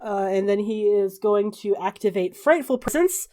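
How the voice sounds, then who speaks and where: A woman running a tabletop game as game master, narrating and calling the rules briskly with offhand fillers. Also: medium pitch, warm tone.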